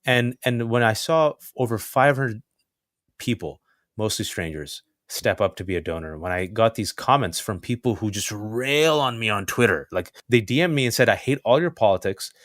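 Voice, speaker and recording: A man guest telling stories in an animated, joking way, talking in quick bursts with restarts. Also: lowish voice, no room sound, studio quality. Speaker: writer and guest. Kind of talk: casual storytelling interview.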